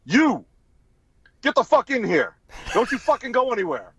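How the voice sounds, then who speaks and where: A man putting on the voice of a gigantic, angry male basketball star who yells and swears. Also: very high-pitched, big pitch swings, moderate pace, slightly rough, dry recording, voice pushed up, full character voice. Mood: yelling. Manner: shouting, cursing, bossy. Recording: dull, dry podcast audio.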